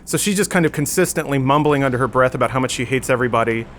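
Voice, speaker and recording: A man's voice: mid-range voice, very fast, fairly bright tone. A man on a casual podcast, animatedly telling a story and acting out the people in it. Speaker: podcast regular.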